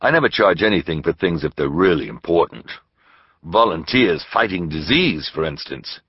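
A man's voice: deep voice, expressive, moderate pace, husky, no room sound, muffled recording. A man voicing a friendly, scruffy little shopkeeper who chats and holds firm opinions, in a storybook reading. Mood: chatty. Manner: chatty, opinionated.

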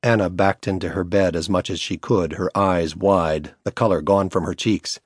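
A man narrating a first-person audiobook in a measured, hushed storytelling manner, recorded close on a studio mic. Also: low-pitched, steady tone, husky, no echo.

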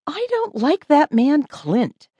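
A woman's voice: sits high, huge pitch swings, slow, mellow, dry recording, dull audio, pitched above the performer's own voice, full character voice. A woman voicing a twelve-year-old twin girl who shrieks in panic and speaks bluntly. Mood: wary.

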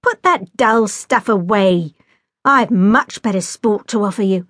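A woman voicing a boisterous, impatient young man who exclaims loudly. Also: mid-range voice, a little slow, no echo, studio quality. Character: boisterous tall young man, exasperated, eager for fun.

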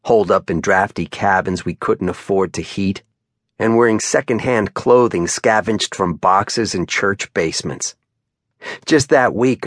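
A male audiobook narrator with a lowish voice reads a crime novel in first person. His delivery is measured and even, recorded close on a very dry studio mic. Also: no room sound.

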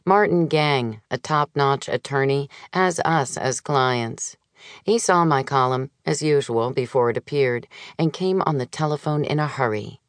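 A woman narrating a memoir audiobook in a measured, wry storytelling manner, recorded close on a studio mic. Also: very deep voice, no echo.

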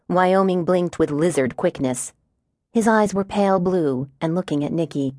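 A woman narrating a novel in first person with measured, wry storytelling. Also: sits low, a little mellow, no room sound, clean studio sound. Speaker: audiobook narrator.

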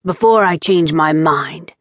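A woman voicing a ruthless male incubus demon hunter who talks roughly and curtly. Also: fairly low pitch, expressive, unhurried, a little mellow, no echo. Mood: menacing. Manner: rough, growling, curt.

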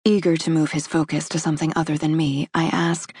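A woman narrating a first-person romance in a measured, intimate reading. Her voice sits on the low side with a husky, breathy grain. The studio recording is dry and close, with no room around it. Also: flat delivery, a little mellow, dry recording. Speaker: audiobook narrator.

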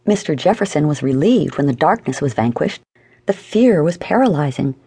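A woman narrating a humorous audiobook in a measured, expressive storytelling manner. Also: low-pitched, husky, dry recording. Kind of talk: scripted narration.

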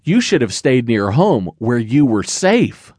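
A man voicing a timid, gentle young female snow leopard kitten in a children's audiobook, soft and apologetic. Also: medium pitch, very animated, measured pace, slightly rough, dry recording, studio quality.

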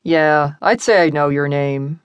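A self-assured male tycoon, calm and confident, speaking in a lowish, even voice, as a woman narrator reads him. Heard in an audiobook romance recorded in a dry studio booth. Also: measured pace, clear, resonant tone, no echo, muffled recording. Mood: cool.

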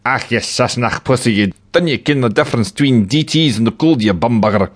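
A man's voice: mid-range voice, a little fast, voice pushed up, natural voice. A man voicing an aggressive drunken Scottish tramp who barks insults. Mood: barking. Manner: barking, hostile.

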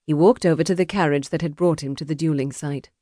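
A woman narrating an unabridged historical romance audiobook in a measured storytelling manner. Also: sits low, steady tone, warm tone, no room sound. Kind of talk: scripted narration. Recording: dry, close studio audiobook.

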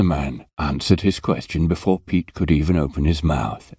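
A man narrating a dark fantasy audiobook in an unhurried, expressive storytelling manner. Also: very deep voice, vocal fry, husky, no room sound, clean studio sound. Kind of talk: scripted narration.

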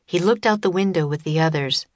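A woman reading her own children's book as an audiobook, with measured storytelling on a close studio mic. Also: lowish voice, dry recording. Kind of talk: scripted narration of a children's audiobook.

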